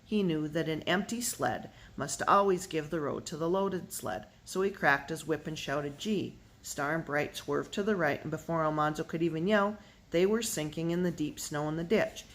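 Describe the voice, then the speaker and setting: An audiobook reader telling a children's novel aloud in steady narration, lifting the voice for the dialogue. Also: medium pitch, moderate pace.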